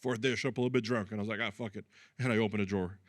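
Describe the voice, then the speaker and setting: A man's voice: fairly low pitch, fairly even intonation, very fast, dry recording, studio quality. A man from Brazil doing a chatty, self-deprecating stand-up comedy set, acting out the people in his stories. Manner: chatty, self-deprecating, acts out quoted voices.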